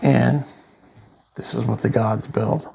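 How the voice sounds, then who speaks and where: Slow gravelly man chatting casually about comics. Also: medium pitch, fairly even intonation, dark tone. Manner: rambling, loose, with many fillers. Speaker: comic book reviewer.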